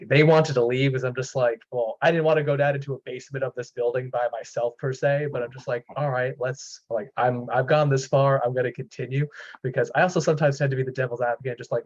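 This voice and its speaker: A man recounts a personal encounter in loose, casual chat, circling back with fillers and restarts. His voice sits at an ordinary pitch. The recording sounds slightly dull and lo-fi. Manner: rambling, many fillers and restarts. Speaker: podcast host. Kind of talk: casual storytelling.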